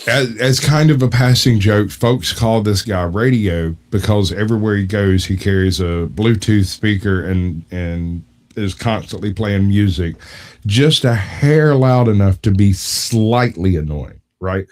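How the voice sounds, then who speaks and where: A man with a low voice tells a story on a casual podcast. He talks in an animated way, swears freely and laughs a lot. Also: unhurried.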